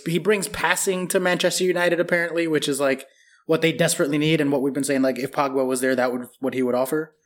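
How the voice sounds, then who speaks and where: A man co-hosting a casual football podcast, talking through signings bluntly and swearing freely. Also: fairly high pitch. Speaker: podcast co-host.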